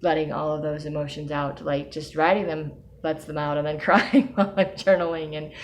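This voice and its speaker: Low-voiced woman, soft and hesitant. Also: fairly even intonation, a little hiss or hum. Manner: soft, hesitant, with many pauses and ums; breaks into small laughs often. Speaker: personal video diarist. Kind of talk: reflective personal vlog.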